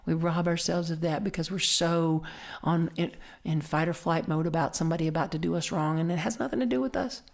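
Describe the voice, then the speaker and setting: A woman minister giving a conversational sermon, telling stories in an animated way and dropping to soft whispers for emphasis. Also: low-pitched, fairly quick, gravelly.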